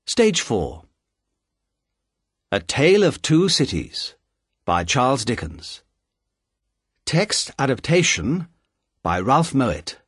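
Slow, husky male audiobook narrator. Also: medium pitch, no echo, clean studio sound. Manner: measured, expressive reading. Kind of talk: scripted narration.

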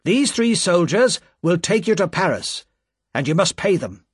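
A man's voice: high voice, sing-song, unhurried, dry recording, studio quality, voice pushed up, exaggerated voice. Man playing a harsh revolutionary official. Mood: stern. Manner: rough, sharp commands. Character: harsh male revolutionary official, stern and cold.

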